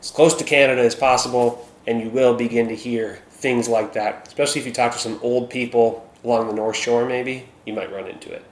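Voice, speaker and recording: A man's voice: mid-range voice, level tone, a little fast, few pauses. A man from Minnesota with a Minnesotan accent, chatting casually to camera as a vlogger, self-deprecating and peppering his talk with "okay?" asides. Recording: echoey room with faint ambient noise.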